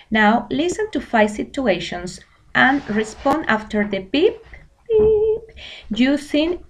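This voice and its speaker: Female English teacher, native Spanish speaker, bilingual explainer; lilting pitch, slight vocal fry. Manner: switches between English and Spanish. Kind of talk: recorded online class.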